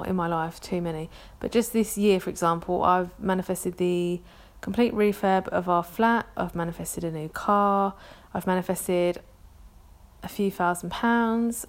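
A woman in her thirties with a London accent, chatting casually on her own podcast, rambling and self-deprecating with many ums. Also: medium pitch. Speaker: podcast host. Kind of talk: casual solo podcast chat.

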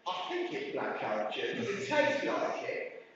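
A man's voice: a little high, huge pitch swings, a little slow, a bit bright, a little hiss or hum. A middle-aged man with a Hertfordshire English accent, preaching a sermon in a conversational way and putting questions to his congregation. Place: community centre hall. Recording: distant, roomy hall recording, dull sound.

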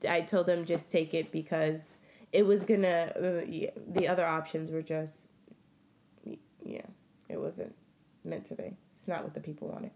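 A woman's voice: sits low, normal speed, muffled recording, a little hiss or hum. A woman in casual conversation, telling a story with lots of energy, acting out what she said and laughing often. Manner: animated storyteller, laughs often, acts out her own quotes. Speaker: guest. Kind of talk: casual chat.

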